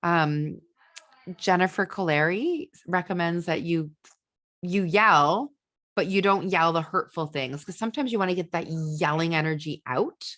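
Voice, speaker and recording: A woman's voice: fairly low pitch, a little slow. A woman hosting a podcast, giving casual parenting advice with fillers and restarts, acting out venting voices. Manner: animated, acts out venting voices. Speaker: podcast host and ADHD parenting coach.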